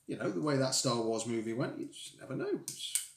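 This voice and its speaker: Male streamer, casual self-mocking chatter, lively up-and-down pitch, echoey room with faint hiss. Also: brisk, vocal fry. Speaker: streamer building Lego. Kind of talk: casual live-stream chat.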